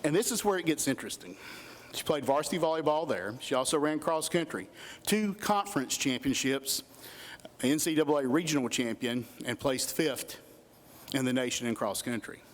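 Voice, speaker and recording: Earnest coach at a podium. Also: male voice, mid-range voice, expressive, normal speed. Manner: earnest, listing achievements with rising emphasis. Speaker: coach giving an induction speech. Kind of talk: emotional ceremony speech. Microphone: podium microphone.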